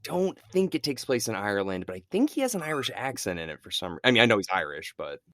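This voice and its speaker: A man's voice: lowish voice, very animated, fast, fairly bright tone, no echo, clean studio sound. A young man co-hosting a podcast in casual chat, enthusiastic and laughing often. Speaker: podcast co-host.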